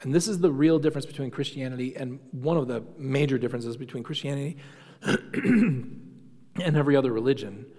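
Man, Sunday school teacher, casual lecture, asks the class questions, mid pitch, reverberant hall. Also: a little mellow. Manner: conversational, asks the class questions, frequent fillers. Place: church classroom.

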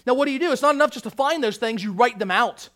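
A male pastor delivering a fiery sermon in a strikingly high voice. He shifts between shouted declarations and hushed, low passages. He often stumbles and repeats a word as he launches into a new sentence. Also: fast talker. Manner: impassioned preaching, swinging between shouting and hushed; repeats words when starting sentences.

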